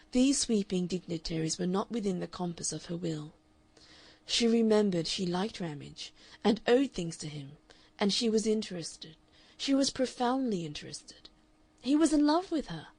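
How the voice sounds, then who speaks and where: A woman narrating a classic novel in a steady, measured audiobook reading. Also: mid-range voice, breathy edge, no room sound. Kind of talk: scripted narration.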